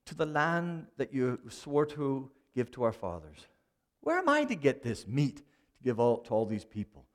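A man's voice: fairly high pitch, darkish tone. A man voicing an exasperated, weary Moses pleading with God during a sermon. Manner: complaining, pleading.

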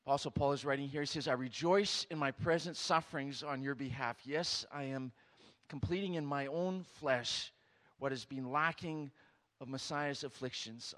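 A man's voice: medium pitch, moderate pace, fairly bright tone. Man from Romania preaching a sermon. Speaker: guest preacher.

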